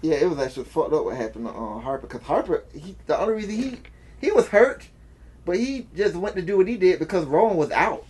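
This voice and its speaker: A man co-hosting a casual podcast, telling stories with an animated, rambling manner. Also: sits high, fast talker, husky. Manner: animated storyteller, trails off and restarts. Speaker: podcast co-host. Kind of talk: casual chat.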